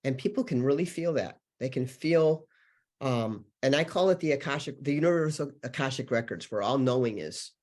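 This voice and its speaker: A man's voice: medium pitch, expressive, normal speed, a little mellow. A man guest on a spiritual podcast, telling stories earnestly and rambling with many fillers. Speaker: podcast guest, healer and channeler. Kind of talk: spiritual interview conversation.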